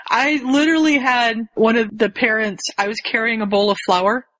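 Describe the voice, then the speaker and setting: A woman's voice: a little high, steady tone, moderate pace, fairly bright tone, slight background noise. A woman who works with small children, chatting casually and telling amused anecdotes. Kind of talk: casual chat.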